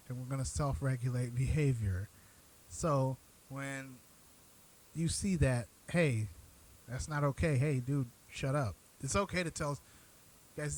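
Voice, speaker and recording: A man's voice: medium pitch, normal speed, darkish tone, low-quality recording. Blunt, earnest male show host. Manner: earnest, blunt, profane when riled. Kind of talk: direct-to-camera commentary.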